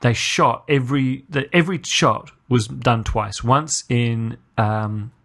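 A man hosting a podcast with a casual, sarcastic review in a mid-range voice. He stumbles and restarts as he rants, and he swings up into a high, disbelieving pitch. He sounds exasperated rather than calm. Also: slow, vocal fry. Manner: exasperated ranting, pitch leaping up when incredulous. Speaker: podcast host. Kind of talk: casual spoken film review.

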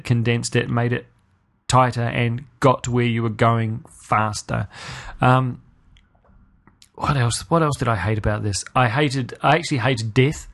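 Exasperated man ranting, voice leaping high. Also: a bit bright. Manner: exasperated ranting, pitch leaping up when incredulous; sarcastic, with frequent restarts. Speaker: podcast host. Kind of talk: casual spoken film review.

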